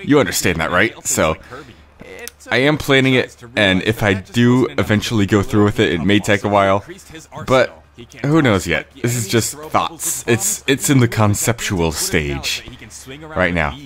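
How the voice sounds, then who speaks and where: Guy with a lowish voice rambling through his own episode commentary, kinda sick, lots of ums. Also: lively intonation, unhurried, a bit bright. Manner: rambling, frequent fillers and restarts. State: sick with a cold, clearing throat. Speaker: creator giving episode commentary. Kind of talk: casual spoken commentary.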